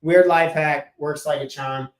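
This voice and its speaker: A man's voice: fairly high pitch, fairly even intonation, measured pace. A male life coach talking casually and emphatically about listening, often letting his tone drop at the end of a point. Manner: casual, emphatic, drops tone at sentence ends. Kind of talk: solo podcast talk. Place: room with chalkboard. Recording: echoey room.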